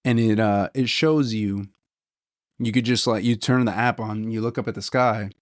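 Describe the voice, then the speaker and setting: A man's voice: lowish voice, steady tone, normal speed, no echo. A young man hosting a casual solo podcast, talking enthusiastically and rambling, saying "dude" a lot, his voice a little worn. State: slightly losing his voice. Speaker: podcast host.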